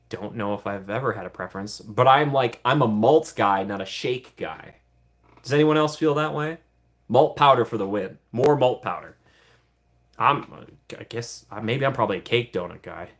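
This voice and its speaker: A man casually chatting on a livestream, answering viewer comments in a playful way and giggling often. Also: medium pitch. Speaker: streamer answering live chat.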